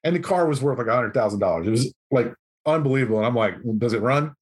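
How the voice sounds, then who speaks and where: A man guest on a podcast, telling a story in a casual, animated way and acting out what people said. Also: mid-range voice, racing, husky. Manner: animated anecdote-telling, acts out quotes. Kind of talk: conversational storytelling.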